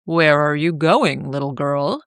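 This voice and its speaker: A sly, hungry storybook wolf, put on by a woman narrator, who coaxes in a falsely gentle way. The voice sits fairly low and moves at an unhurried pace. It is close and dry, with no room around it. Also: smooth, no room sound.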